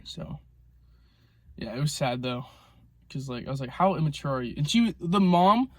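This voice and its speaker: A young adult man vlogs into his phone camera from a car, casually rambling through a story with plenty of "like" and "um." His voice is a little high with lively intonation, moving at a moderate pace with no echo.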